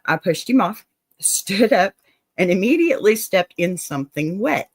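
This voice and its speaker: A woman's voice: mid-range voice, very animated, normal speed, dry recording. Lady reading a funny advice letter, lots of laughs, dry mic. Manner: playful, dramatic reading with laughs and asides. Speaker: advice show host.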